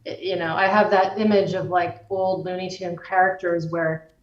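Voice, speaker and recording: A woman guest explaining the nervous system in a measured way, using everyday examples. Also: lowish voice, fairly even intonation. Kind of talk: explanatory conversation. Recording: roomy, distant, dull-sounding recording.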